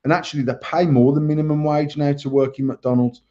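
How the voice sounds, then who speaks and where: Hosting a casual live-stream chat show, this man has a slightly high, warm voice with a steady tone and a brisk pace. He tells a story as a worked-up rant full of swearing, over slightly muffled lo-fi audio.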